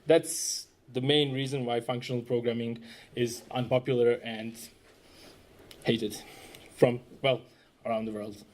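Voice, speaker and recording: A man's voice: medium pitch, little pitch movement, measured pace, pauses often, darkish tone. A man presenting a technical conference talk, conversational and self-deprecating, often asking the audience questions. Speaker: conference speaker, web developer.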